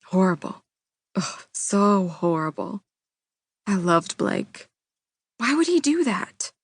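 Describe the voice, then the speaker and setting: A woman's voice: mid-range voice, unhurried, no room sound, clean studio sound. A woman voicing an emotional female morning radio co-host. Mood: shocked. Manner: dramatic disbelief, exclamatory.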